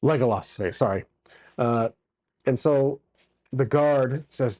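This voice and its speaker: A man's voice: medium pitch, slow pace, a little mellow. A man casually narrating a solo tabletop game as its game master, with crude jokes and many fillers.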